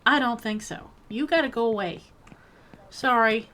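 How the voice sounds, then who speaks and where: A woman's voice: a little high, moderate pace, sharp tone. A woman giving casual, rambling commentary while playing a video game, talking to herself and to the characters on screen with playful, jokey outbursts. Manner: jokey mock-bossy outbursts. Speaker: gaming video creator.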